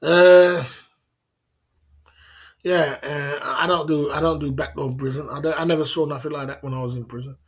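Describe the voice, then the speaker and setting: Higher-voiced British man rambling on a livestream. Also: fairly even intonation, moderate pace, pauses often, husky. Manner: rambling, chuckles often, keeps asking "you know what I'm saying". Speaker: livestream host. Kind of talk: casual livestream storytelling.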